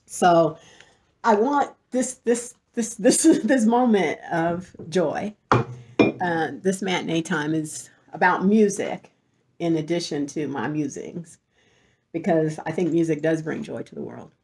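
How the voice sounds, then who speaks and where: A middle-aged woman hosting a show, telling a story in an animated way and often breaking into laughter. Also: on the low side, slow pace. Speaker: host. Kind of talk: storytelling monologue.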